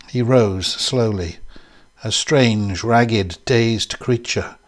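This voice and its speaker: A man giving a measured, scripted narration of a classic short story. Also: lowish voice. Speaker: reader.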